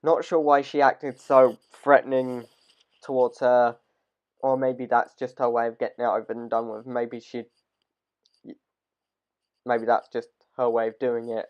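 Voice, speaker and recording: A man's voice: mid-range voice, flat delivery, measured pace, pauses often. A man losing his voice, giving a rambling, hesitant casual video review of a TV episode. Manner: rambling and hesitant, trailing off mid-sentence. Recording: dull lo-fi recording.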